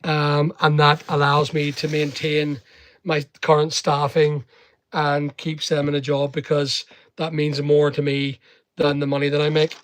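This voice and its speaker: A man's voice: fairly high pitch, monotone, unhurried, a bit bright, a little hiss or hum. Chatty Northern Irish man packing orders. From Northern Ireland. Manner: rambling, chatty, talks to viewers by name. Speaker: online seller livestreaming. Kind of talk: casual livestream chat while packing orders.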